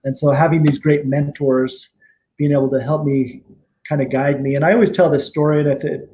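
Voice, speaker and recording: A middle-aged man talks as a guest in a casual interview, wandering through his stories with plenty of fillers and restarts. His voice sits a little on the high side for a man. A faint hiss is heard behind him. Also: a little fast. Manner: relaxed, rambling, frequent fillers and restarts. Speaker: guest attorney and tribal judge.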